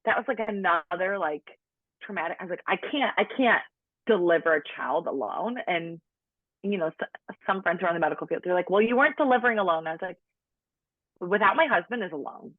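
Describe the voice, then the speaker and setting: A woman's voice: on the low side, a little fast, dry recording. A woman in her late thirties telling her own story as a podcast guest, chatty, with lots of "like", acting out the people she quotes. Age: late 30s. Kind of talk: personal storytelling in conversation. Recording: tinny phone-line sound, dry.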